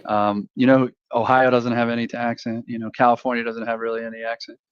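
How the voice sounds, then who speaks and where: A man's voice: mid-range voice, level tone, clear, resonant tone, no echo. Male podcast host, casual and joking, dry and dull recording. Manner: casual, joking, quick to laugh. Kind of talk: podcast interview.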